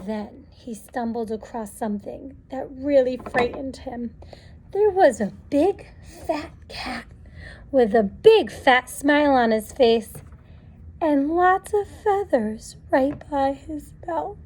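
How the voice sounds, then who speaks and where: A woman teacher reading a children's story aloud with expressive, dramatic storytelling. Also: high voice, slow pace, breathy edge.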